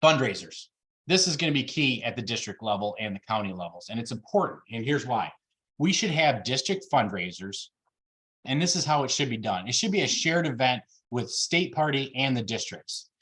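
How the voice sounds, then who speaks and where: A man making an emphatic campaign pitch on a video call, getting worked up, with frequent fillers. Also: lively intonation, normal speed, a bit bright. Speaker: party officer candidate presenting plans.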